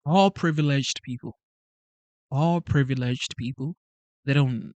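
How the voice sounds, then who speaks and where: A man hosting a live stream, talking in an animated, repetitive way, asking rhetorical questions and reading out chat messages. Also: medium pitch, unhurried, no room sound. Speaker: channel host.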